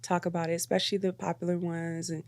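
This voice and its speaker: A woman's voice: on the low side, fast, no echo, clean studio sound. A woman co-hosting a podcast, casually retelling a reality show and acting out the people's lines. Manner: animated storyteller, acts out quotes. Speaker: podcast co-host.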